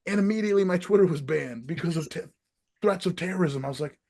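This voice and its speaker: A man with an American accent, a wrestler and podcast guest, talking casually in a profane, ranting way that swings between loud outbursts and quiet asides. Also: fairly high pitch, quick pace. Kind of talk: casual interview chat.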